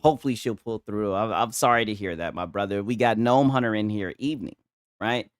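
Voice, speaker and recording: A man's voice: on the low side, brisk, clear, resonant tone, no room sound, studio quality. A man casually chatting with his viewers and reading chat on a livestream, laid-back, swearing a lot and laughing often. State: tipsy from a couple of beers.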